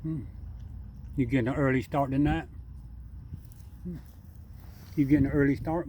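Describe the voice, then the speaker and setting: A man's voice: medium pitch, steady tone, normal speed, mellow, slight background noise. Folksy man coaxing a raccoon. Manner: folksy, teasing, coaxing an animal. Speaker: backyard wildlife feeder. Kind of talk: casual talk to an animal while filming. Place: outdoors at night by a water drum.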